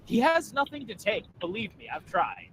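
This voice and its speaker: A man's voice: high-pitched, wildly swooping pitch, normal speed, fairly bright tone, a little hiss or hum, low-quality recording. A man co-hosting a casual stream, making dry, teasing jokes. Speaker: co-host.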